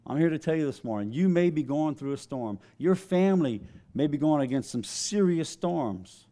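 A man's voice: on the high side, animated, normal speed, mellow. A man preaching a sermon as pastor, telling stories conversationally and laughing often.

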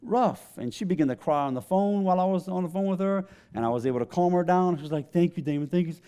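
Man, pastor preaching, warm mellow tone, slightly high voice. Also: lively intonation, fast, clear, resonant tone. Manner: conversational storytelling preacher, laughs often. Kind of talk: sermon.

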